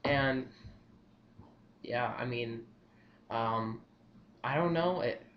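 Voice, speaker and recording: A young man giving his movie opinions in a casual vlog, rambling and excitable, repeating himself often. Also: mid-range voice, drawn-out words, dull audio. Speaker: vlogger.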